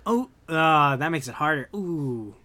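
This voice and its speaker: A young man in casual podcast chat, animated and ranting, swearing freely as he rants. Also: on the high side, measured pace. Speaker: podcast co-host.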